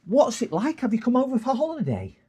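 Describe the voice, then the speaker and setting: A man voicing an excitable young female shop assistant who gushes with wide-eyed wonder. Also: very high-pitched, a little fast, slightly rough, voice pushed up, exaggerated voice. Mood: amazed.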